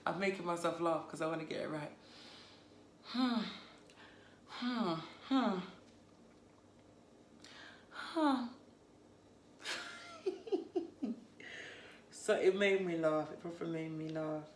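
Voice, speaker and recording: A woman chats casually about a novel she loved, playful and amused at her own jokes. Her voice sits fairly low for a woman. The room adds a noticeable echo around her. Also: animated, takes it slowly, long pauses, a little hiss or hum. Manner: chatty, playful, laughs at herself. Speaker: book vlogger. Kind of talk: casual book review. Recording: roomy echo.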